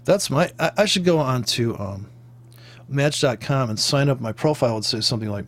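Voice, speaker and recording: A man's voice: medium pitch, animated, fairly quick. A man rambling through casual, joking commentary on forex trading, swearing freely and wandering off into tangents. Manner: profane, joking, tangent-prone, with laughs and sound imitations.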